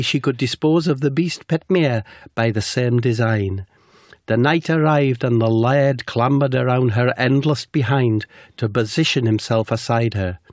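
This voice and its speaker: A man co-hosting a comedy podcast, telling an absurd tale in a deadpan way and chatting with hesitant fillers. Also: mid-range voice, no room sound, studio quality. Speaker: podcast co-host. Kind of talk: comic storytelling and casual chat.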